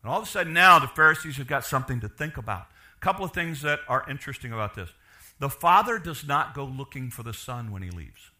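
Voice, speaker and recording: A middle-aged man preaching a sermon, animated, acting out quoted characters, with frequent restarts. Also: mid-range voice, fast talker. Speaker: pastor.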